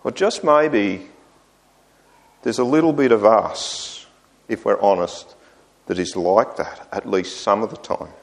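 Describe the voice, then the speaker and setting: A man preaching a sermon, voicing the psalmist's complaints with lively rises. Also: on the low side, slow pace, vocal fry, long pauses.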